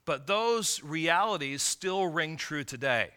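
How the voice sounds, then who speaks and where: Bright-voiced male pastor preaching. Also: on the high side, expressive, slow pace, smooth. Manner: teaching with rhetorical questions, frequent restarts. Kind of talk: sermon.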